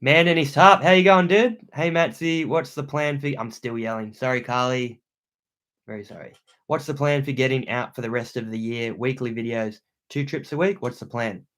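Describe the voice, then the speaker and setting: A man's voice: mid-range voice, moderate pace. A young Australian man hosting a livestream from a room at home, reading viewer comments aloud and thanking them in laid-back slang. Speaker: outdoor channel host.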